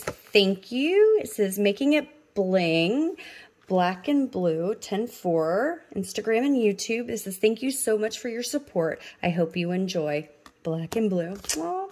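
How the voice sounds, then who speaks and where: A woman hosting a casual budgeting vlog, gushing and excitable as she opens mail, with many ums. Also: fairly low pitch, a little hiss or hum. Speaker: budgeting channel host.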